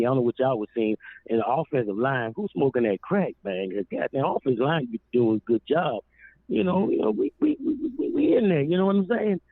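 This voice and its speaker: A man's voice: mid-range voice, dry recording. A man phoning in to a sports talk show, hyped and rambling, calling everyone "family". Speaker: caller. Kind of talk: excited phone-in call. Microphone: telephone. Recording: tinny phone line.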